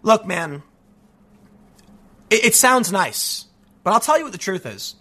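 A man giving an animated, sarcastic political commentary, talking casually and sounding a bit stuffy from allergies. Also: high voice, unhurried, slightly rough. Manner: animated and sarcastic, with frequent mocking voices. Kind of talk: casual opinion monologue.

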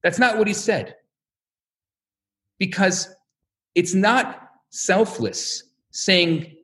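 A male religious teacher delivering a lecture in the style of a sermon, with a high voice. His pitch swings widely as he tells stories and acts out the voices in them. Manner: animated storytelling, acts out quotes.

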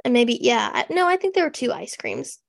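A young woman co-hosting a podcast, chatting in an animated, sarcastic way and acting out quotes. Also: fairly high pitch, a little fast, vocal fry. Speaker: podcast co-host. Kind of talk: casual snarky chat.

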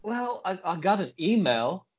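Male podcast co-host, playful and teasing, with a husky, lively delivery. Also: high-pitched, unhurried. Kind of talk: casual podcast banter.

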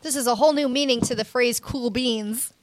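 A woman's voice: on the high side, fairly quick, background noise. A woman playing a tabletop game, making wry quips. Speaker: player.

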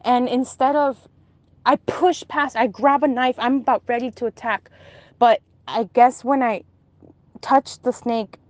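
Young woman, casual dream storytelling, intense, emotional, higher pitch, dry room. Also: steady tone, measured pace, dry recording.

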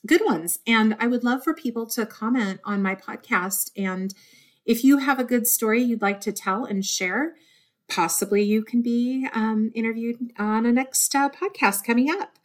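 A woman's voice: fairly high pitch, moderate pace. A woman hosting her own podcast, talking earnestly from the heart and getting teary, in a loose rambling monologue. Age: adult with a desk job. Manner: warm, earnest, easily moved to tears. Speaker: podcast host.

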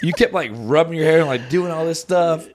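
A man of about forty co-hosting a podcast, animated and often laughing as he tells a story in casual chat. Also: on the high side, a little fast. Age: 40s. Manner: animated, laughs while telling stories. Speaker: podcast co-host.

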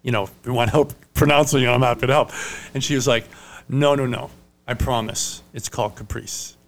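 A man's voice: mid-range voice, steady tone, brisk, fairly bright tone. Easygoing man telling a restaurant story. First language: Italian. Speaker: podcast co-host. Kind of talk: casual chat, storytelling.

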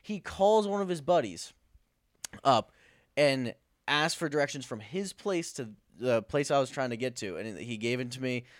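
A man's voice: medium pitch, lively intonation, moderate pace, no room sound. A man recounting a long road-trip story on a podcast, rambling and acting out what people told him. The sound is dry and close, with almost no room around it. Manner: rambling anecdote with acted-out quotes. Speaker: guest. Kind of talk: casual storytelling.

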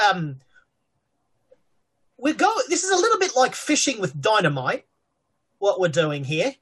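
Woman doing a husky undead sorcerer for a tabletop game, offhand and rambling, lively pitch. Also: full character voice. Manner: rambling, offhand, many fillers.

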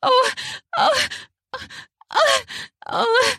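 A woman voicing a breathless young woman in an adult audio story, with a breathy voice and high gasping cries. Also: takes it slowly, darkish tone, dry recording, studio quality. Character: breathless young woman being playfully punished.

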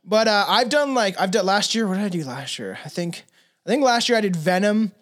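A young man co-hosting a casual podcast. He swears freely, laughs often, and slows down to read an old tale aloud. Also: high-pitched, lively intonation, a bit bright. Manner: crude, laughing often, drawn-out reading. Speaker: podcast co-host.

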